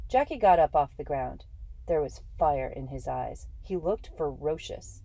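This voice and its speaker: A woman reading a first-person story aloud in a steady, measured way. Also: low voice, dry recording. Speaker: audiobook narrator.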